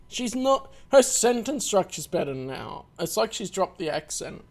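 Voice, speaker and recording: A man's voice: high voice, measured pace, gravelly, few pauses, a little hiss or hum. A man hosting a let's play, chatting casually and laughing as he reads and voices a game. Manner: chatty, animated, laughs often. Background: music.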